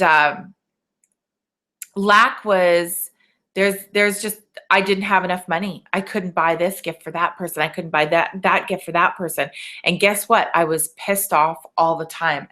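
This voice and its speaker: A woman's voice: medium pitch, a bit bright. A woman business coach leading a live webinar training, speaking in a motivational way, asking rhetorical questions and often checking in with "okay?".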